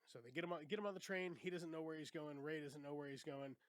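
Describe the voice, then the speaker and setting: A man's voice: a little high, no echo. A man co-hosting a podcast, loosely retelling a film's plot in casual chat and quoting characters as he goes. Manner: loose, swearing, retells scenes with quick quoted voices. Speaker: podcast co-host. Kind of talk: casual movie recap chat.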